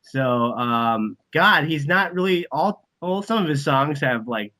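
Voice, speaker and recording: A brash man speaks as a podcast guest, his voice bright and forceful and pitched a little above the usual. He swears constantly and rambles through blunt motivational advice. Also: lively intonation, unhurried, poor audio. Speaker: band and comedy manager, guest. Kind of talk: casual podcast interview.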